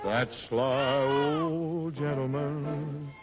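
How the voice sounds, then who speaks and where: An actor playing a relaxed, teasing young cab driver who croons a lullaby, in 1930s film style. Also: male voice, a little high, very slow. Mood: crooning. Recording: dull old film soundtrack with music.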